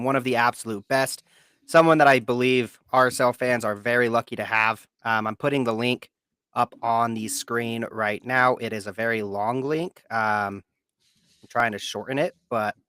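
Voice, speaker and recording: A man's voice: medium pitch, pushed and bright, clear, resonant tone, no room sound, clean studio sound. A man co-hosting a live podcast, earnest and heartfelt, often repeating words for emphasis. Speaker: podcast co-host. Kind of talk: casual live podcast talk.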